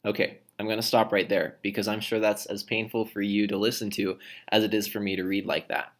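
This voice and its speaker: A man's voice: fairly low pitch, little pitch movement, fairly quick. A man teacher explaining how to read poetry aloud in a recorded lesson, demonstrating points with his own voice.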